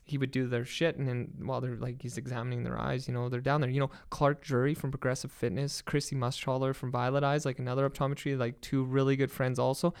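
A man telling an excited story in casual chat, swearing often. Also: medium pitch, quick pace, vocal fry, hardly any pauses, clear, resonant tone.

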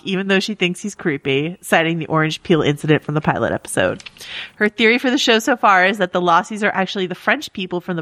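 A woman's voice: mid-range voice, fairly bright tone, dry recording. A woman co-hosting a podcast, casually reading listener emails aloud with easy laughs and frequent fillers. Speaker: podcast co-host.

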